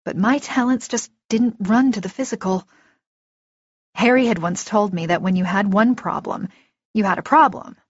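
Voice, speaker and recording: A woman narrating a first-person audiobook in a steady, vivid storytelling manner. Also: medium pitch, normal speed, breathy edge, no echo. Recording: dull lo-fi recording, dry.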